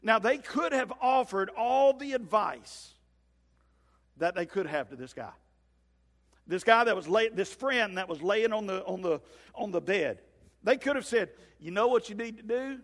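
A man with a drawl preaches a sermon, folksy and lively in the way he talks. His voice sits high for a man. The sound carries a long hall reverb around it. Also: a little slow. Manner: folksy, animated, acts out scenes in comic voices. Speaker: pastor.

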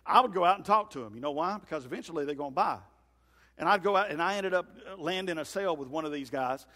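A man with a drawl preaches a sermon, folksy and lively in the way he talks. His voice sits high for a man. The sound carries a long hall reverb around it. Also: fast talker. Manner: folksy, animated, acts out scenes in comic voices. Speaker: pastor.

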